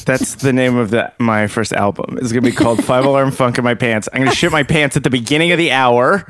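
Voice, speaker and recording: A man's voice: mid-range voice, fast talker, fairly bright tone. Self-mocking male comedian guest. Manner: loose, self-mocking, joking. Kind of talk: casual comedic podcast chat.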